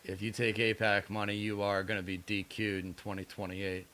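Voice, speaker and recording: A man's voice: on the low side, flat delivery, moderate pace, fairly bright tone. A man co-hosting a political podcast, making blunt, declarative points. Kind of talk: casual political podcast chat.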